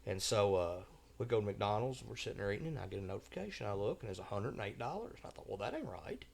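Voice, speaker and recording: A man's voice: on the low side, big pitch swings, very fast, creaky, darkish tone, husky. A man telling a travel story on a podcast in a folksy, drawling way, acting out the voices he quotes. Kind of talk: casual storytelling.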